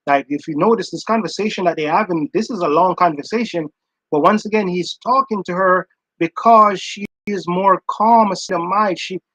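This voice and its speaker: A man's voice: high voice, a bit bright, no echo, poor audio. A man hosting a stream, casually commenting on played clips, rambling and acting out quoted lines.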